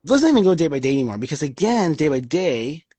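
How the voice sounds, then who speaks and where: A man co-hosting an astrology talk show in casual chat, talking in an animated way, swearing freely and acting out what people say. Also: fairly high pitch, fast, husky, no room sound. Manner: animated, swears freely, acts out quoted voices.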